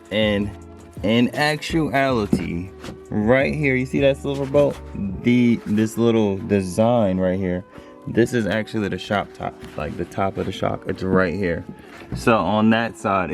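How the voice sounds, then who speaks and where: A man's voice: fairly low pitch, a little mellow. A man giving a casual, chatty how-to walkthrough for his car channel, talking loosely while he works with his hands and films on a handheld phone. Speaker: car DIY vlogger. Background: music playing.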